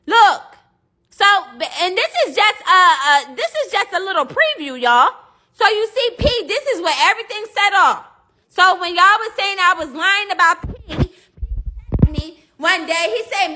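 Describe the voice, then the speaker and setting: Brash woman on a livestream, super high bright voice, cussing and calling out to y'all. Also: expressive, unhurried. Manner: brash, profane, addresses viewers as y'all. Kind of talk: casual livestream rant.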